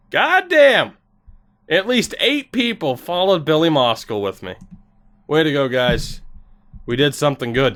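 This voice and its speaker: A man's voice: mid-range voice, a bit bright, clean tone. A man streaming a hockey video game, muttering sarcastic commentary to himself and talking back to his viewers' chat. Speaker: gaming streamer.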